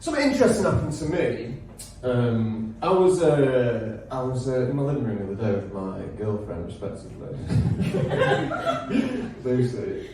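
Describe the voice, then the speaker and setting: Homme anglais pince-sans-rire, anecdotes décousues, intonation très variée; salle d'enregistrement public très réverbérante, léger bruit de fond. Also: male voice, medium pitch, darkish tone, slight background noise. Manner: dry teasing humour, rambling anecdotes. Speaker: podcast co-host. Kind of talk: casual live podcast chat. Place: performance space before a live audience. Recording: echoey live room, mic at a distance.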